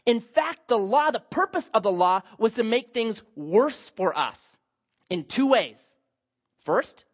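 A man pastor giving a sermon, telling Bible stories with humor and acted asides, on a dull lo-fi recording. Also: sits high.

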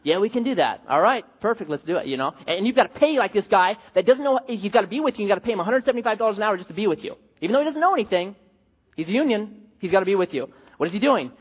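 A man preaching a sermon, telling a personal story in an animated way and asking the audience questions. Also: sits high, very fast, slightly rough. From US West Coast. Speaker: pastor. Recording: dull hall reverb.

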